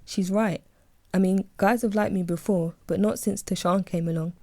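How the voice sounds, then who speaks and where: A woman calmly reading her own first-person novel as an audiobook. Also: mid-range voice, moderate pace, no echo. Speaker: audiobook narrator, author.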